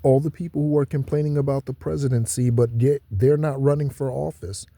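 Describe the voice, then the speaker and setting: In a solo spiritual talk with no room sound, the host speaks to viewers in a steady, dark, mid-range voice. It's a preachy monologue where he repeats and underlines his points, pausing for slow, stressed asides.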